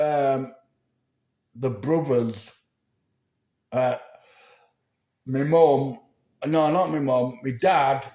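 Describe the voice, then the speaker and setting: A man's voice: fairly high pitch, darkish tone. A man in his sixties from England, delivering a rambling, sweary monologue to camera and constantly checking in with the listener. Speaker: vlogger. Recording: echoey room.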